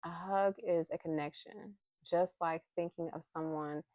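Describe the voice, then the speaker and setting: Woman, casual spiritual vlog, low voice, gravelly fry, heartfelt and candid, close phone mic. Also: steady tone, measured pace, a little mellow, dry recording. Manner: heartfelt, candid, with bursts of emphatic pleading. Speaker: spiritual vlogger drawing inspiration cards. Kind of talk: casual spiritual talk to camera. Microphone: phone camera held close.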